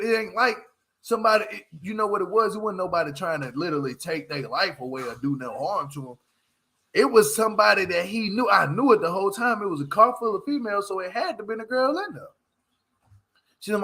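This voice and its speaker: A man with a noticeably high speaking voice, talking in a casual livestream commentary. His delivery is loose and slangy, and he often breaks into laughter. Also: animated, moderate pace, a bit bright. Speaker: reality show recap host.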